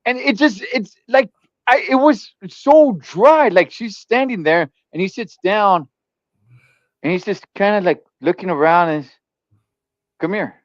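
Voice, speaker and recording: A man's voice: high voice, a little slow, no echo. Man, podcast host, emphatic, repeats himself, dull dry mic. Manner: emphatic, repeats words when cutting in. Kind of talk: casual movie debate.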